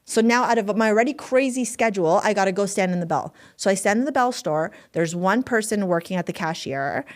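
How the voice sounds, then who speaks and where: A woman, a manifestation coach, telling a story in a casual podcast chat, animated and swearing freely. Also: medium pitch, brisk.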